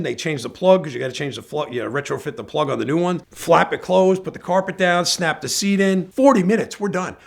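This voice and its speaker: Gravelly-voiced man telling a road story. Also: high-pitched. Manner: animated storytelling, acting out his own and others' lines. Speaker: guest storyteller. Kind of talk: casual anecdote telling.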